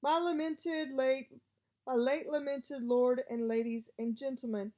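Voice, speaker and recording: A woman voicing a proud, touchy gentleman ghost who speaks stiffly and properly. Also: high voice, steady tone, unhurried.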